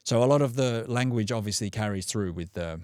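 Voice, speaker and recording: An Australian breathwork coach appears as a podcast guest in a casual interview, rambling loosely with lots of fillers and restarts. His voice sits fairly low and runs fairly quick, with a darkish, smooth tone. The studio-quality recording has no echo.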